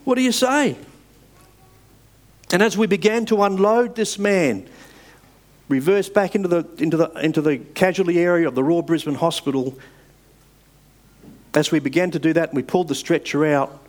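A man delivers a sermon in a somewhat higher voice, earnest and measured. He pushes up hard on key phrases and then sinks back down to a soft, slow close. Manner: earnest, measured, with emphatic rises and soft drops. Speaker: preacher.

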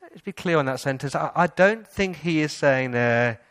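A man preaches to his congregation in a church hall. His voice sits on the higher side for a man, and he leans on rhetorical questions and builds to emphatic passages. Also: lively intonation, normal speed, a bit bright, clean studio sound. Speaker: pastor. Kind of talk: sermon.

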